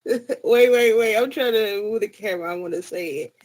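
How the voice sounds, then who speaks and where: A woman co-hosting a casual talk show, unhurried and often laughing. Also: mid-range voice, darkish tone, poor audio. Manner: unhurried, giggly. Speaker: co-host. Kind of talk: casual chat.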